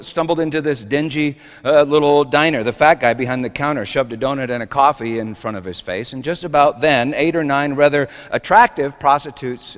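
A man's voice: mid-range voice, long reverb tail. A man preaching a sermon, telling a story earnestly and often restarting his sentences. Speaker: pastor.

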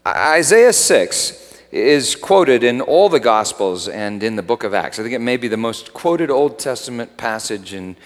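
A man preaching a sermon as pastor, swinging from hushed asides to loud emphatic peaks. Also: lowish voice. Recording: long hall reverb.

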